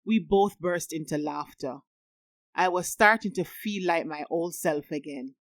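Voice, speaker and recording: A woman narrating a novel in the first person with a steady, even reading. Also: lowish voice, unhurried, no echo. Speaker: audiobook narrator.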